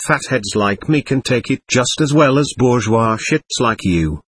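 A man reading the part of an earnest, determined young soldier who speaks in a steady, defiant voice, in an audiobook. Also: mid-range voice, a little slow, slight background noise.

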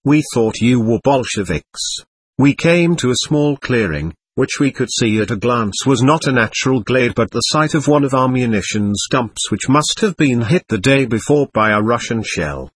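A man's voice: mid-range voice, lively intonation, moderate pace, few pauses, breathy edge, dry recording. A man narrating a war memoir in the first person, in a vivid, dramatic audiobook reading.

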